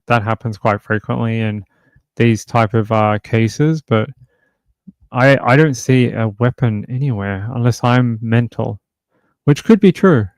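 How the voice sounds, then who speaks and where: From home, a man hosts a true crime livestream, chatting loosely and rambling with plenty of filler words. His middle-pitched voice sounds clean, recorded close and dry with no room sound or echo.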